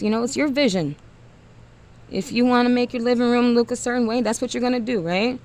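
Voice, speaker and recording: A woman's voice: on the high side, a little fast, darkish tone, slight background noise. A woman giving a blunt, profane motivational rant to single mothers, emphatic and often trailing off with sighs.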